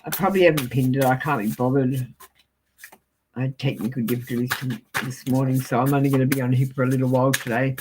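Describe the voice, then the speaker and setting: A woman's voice: rumbling low, fairly even intonation, quick pace, background noise. A woman with an Australian accent giving a live tarot card reading, chatting to viewers and reading card meanings aloud from a book. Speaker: tarot reader.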